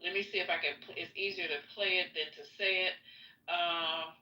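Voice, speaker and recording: A woman hosting a live stream, reading a news article aloud with halting fillers in a casual way. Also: fairly low pitch, fairly even intonation, pushed and bright, echoey room, poor audio. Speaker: livestream host.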